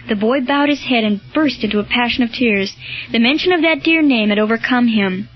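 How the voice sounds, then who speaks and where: Brief: female audiobook narrator, high pitch, steady, lo-fi recording. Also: fairly quick, soft background music. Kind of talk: scripted narration.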